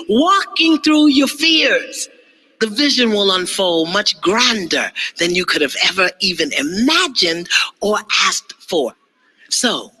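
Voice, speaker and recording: A man giving an animated motivational sermon, calling out to the audience and acting out the voices of others. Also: extremely high pitch, low-quality recording. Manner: animated, call-and-response, acts out voices. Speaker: motivational speaker. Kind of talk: inspirational preaching.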